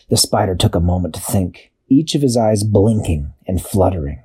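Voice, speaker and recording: A man narrating an improvised children's story in an expressive, drawn-out storytelling manner. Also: deep voice, breathy edge. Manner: expressive, drawn-out storytelling with sound-effect pauses.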